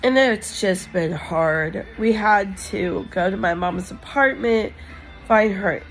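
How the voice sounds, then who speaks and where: A woman's voice: mid-range voice, slow pace, soft background music, rough recording. A woman vlogger telling a personal story in a rambling, emotional way with many fillers. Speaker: crafting channel vlogger.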